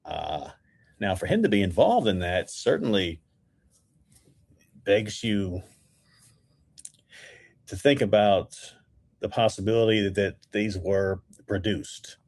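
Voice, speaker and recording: Low-voiced male podcast co-host, steady and factual, dry close sound. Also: takes it slowly, creaky, long pauses, slightly rough, no room sound. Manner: steady, informative, reads facts aloud. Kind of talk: casual chat.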